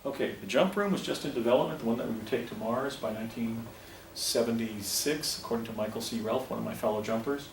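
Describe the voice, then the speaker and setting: A man giving a public lecture in an earnest, halting way, often restarting his sentences. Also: mid-range voice, slight background noise. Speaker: presenter. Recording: roomy, distant lecture recording with faint ambience.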